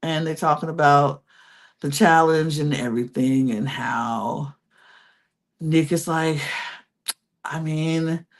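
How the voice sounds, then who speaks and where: A young woman co-hosting a casual reality TV recap podcast, talking in an animated, sassy, slangy way and often restarting her sentences. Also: sits low, slow pace. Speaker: podcast co-host.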